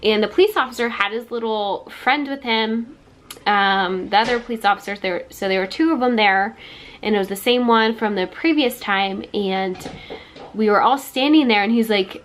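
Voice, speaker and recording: A woman vlogger telling a personal story in a casual storytime, talking quickly and acting out what other people said. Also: mid-range voice, fairly bright tone, slight background noise. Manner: quick, chatty retelling that acts out other people's quoted words.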